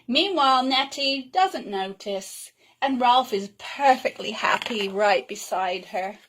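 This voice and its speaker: Slow, lilting woman storyteller. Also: on the high side, a little hiss or hum. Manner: gentle, lilting, slow and expressive. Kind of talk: reading a storybook aloud to children.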